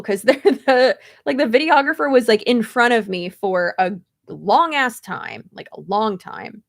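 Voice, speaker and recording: A woman's voice: medium pitch, lively intonation, normal speed, vocal fry, hardly any pauses. A woman vlogger chatting casually, rambling through a story with lots of fillers and restarts. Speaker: beauty vlogger.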